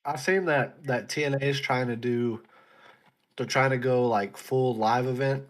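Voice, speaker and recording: A man's voice: mid-range voice, fairly even intonation, measured pace. A man co-hosting a casual wrestling podcast, chatting in an offhand, joking way. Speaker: podcast co-host.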